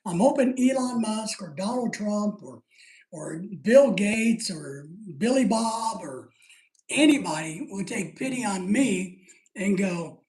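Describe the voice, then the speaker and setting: A man's voice: sits high, animated, slow, a little mellow. A middle-aged man hosting a live stream in casual chat, reading out viewer comments, rambling and joking, laughing often. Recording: roomy echo.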